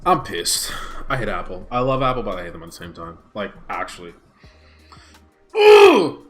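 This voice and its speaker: A young man ranting in a casual livestream, exasperated and swinging his pitch widely, recorded on a smartphone. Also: fast, sharp tone, faint music behind. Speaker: YouTuber streaming a watch party.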